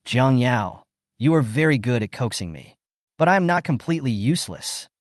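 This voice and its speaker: A man's voice: mid-range voice, sing-song, normal speed, dry recording, studio quality, close to an everyday voice. A man reading the lines of a lazy, proud young man who is hurt and protective, in a comic recap. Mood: insistent.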